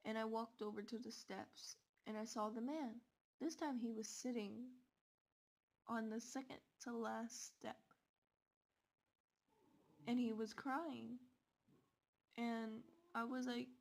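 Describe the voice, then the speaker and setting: A woman telling a scary story in the first person, with slow, dramatic delivery. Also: a little high, fairly even intonation, vocal fry, a little mellow.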